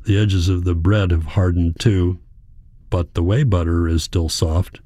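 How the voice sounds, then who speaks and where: A man narrates a first-person story in a quiet, measured way. His voice sits low with a dark, mellow tone. The close mic sounds dry with no room behind it. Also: steady tone, no room sound. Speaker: audiobook narrator.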